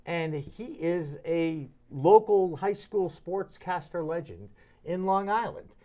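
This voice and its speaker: A middle-aged man hosting a sports talk show, telling stories in a casual, animated way and slipping into high voices when he quotes people. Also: slow pace. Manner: animated, jumps into high-pitched voices when quoting others.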